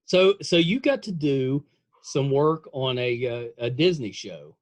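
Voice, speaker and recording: A man with a West Virginian accent hosts a relaxed podcast chat, his questions full of false starts and small repeats. He laughs easily along with his guest. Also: medium pitch, unhurried. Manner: hesitant, repeats words, friendly laughter. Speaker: podcast host. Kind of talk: casual interview chat.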